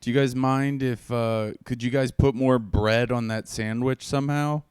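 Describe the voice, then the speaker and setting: A man's voice: medium pitch, steady tone, normal speed, darkish tone, clean tone, no room sound, clean studio sound, lightly acted. A man putting on the voice of his chubby, food-obsessed pet dog, asking eagerly and pleadingly for a workout and then a sandwich. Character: chubby greedy pet dog, lazy and hungry.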